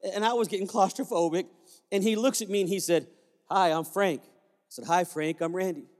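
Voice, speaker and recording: A man's voice: high-pitched, brisk, darkish tone, in a large hall. A man who is a pastor telling a story in a sermon, acting out the dialogue as he goes.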